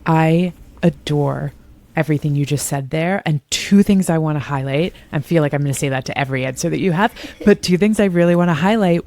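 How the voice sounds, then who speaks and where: A woman's voice: deep voice, a little mellow, no echo. A woman in her thirties hosting a podcast interview, talking in an enthusiastic, chatty and self-deprecating way. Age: 30s. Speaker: podcast host. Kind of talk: conversational interview.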